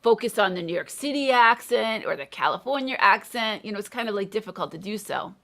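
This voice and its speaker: A woman from New England hosts a live video chat in a casual, quick way. Her voice sits at a middle pitch, and she fills her talk with "like" and "right?". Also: lively intonation, a bit bright. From New England, United States. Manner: chatty, quick, uses "like" a lot. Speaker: host.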